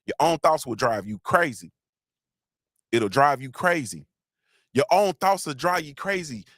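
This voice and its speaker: A man's voice: on the high side, lively intonation, measured pace, dry recording, clean studio sound. Joking, preachy man hosting a livestream. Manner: loose, joking, preachy, shouts out viewers. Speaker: livestream host. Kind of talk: casual motivational livestream talk.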